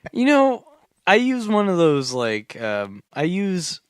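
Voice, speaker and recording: A man's voice: sits high, wildly swooping pitch, takes it slowly, smooth, no room sound, clean studio sound. A man co-hosting a podcast, teasing and joking his way through casual chat. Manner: playful, teasing, jumps into bits. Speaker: podcast co-host.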